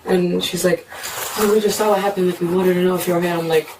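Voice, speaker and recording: A young woman telling a police officer what happened, talking fast and filling her story with "like" and acted-out quotes, recorded on a bodycam. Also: lowish voice, steady tone. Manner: fast, repeats "like", acts out quotes. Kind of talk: retelling events to an officer. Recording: noisy bodycam audio from a distance.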